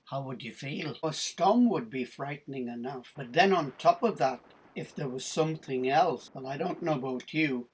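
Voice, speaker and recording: Husky guy telling bible stories to kids, lively, asks them questions. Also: medium pitch, low-quality recording. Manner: animated, addressing children directly with questions. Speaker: children's Bible storyteller. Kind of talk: storytelling to children.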